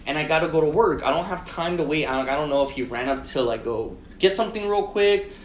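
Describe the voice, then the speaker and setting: A man co-hosting a podcast, telling a story in casual chat, swearing constantly and acting out his own shouted lines. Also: on the high side, expressive, fast, slight background noise. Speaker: podcast co-host. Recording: roomy echo.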